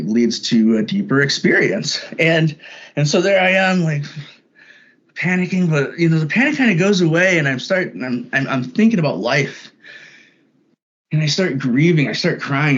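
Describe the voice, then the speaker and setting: A man talking as a podcast guest, telling a personal story in a halting way that often repeats words when starting a thought. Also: medium pitch. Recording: dull lo-fi sound.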